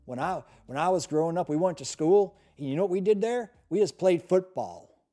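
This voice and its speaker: A man voicing an indignant white Southern parent in a put-on Southern accent, ranting loudly. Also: fairly high pitch, lively intonation, a little fast, voice pushed up, natural voice. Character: blustering white Southern parent, male, middle-aged.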